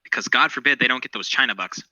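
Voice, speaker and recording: Ranting, profane male podcaster, bright edge. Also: medium pitch, quick pace, lo-fi sound, a little hiss or hum. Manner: rambling, profane and opinionated. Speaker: podcast co-host. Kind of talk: casual current-events chat.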